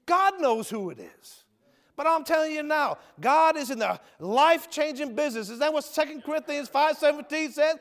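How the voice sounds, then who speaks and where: Preaching his testimony, a former convict who now ministers in prisons uses a high voice that ranges from ringing shouts to near-whispers, with lively intonation at a normal pace. He calls listeners "brother" and "my friend" in a folksy style, his words echoing with long reverb through a church hall.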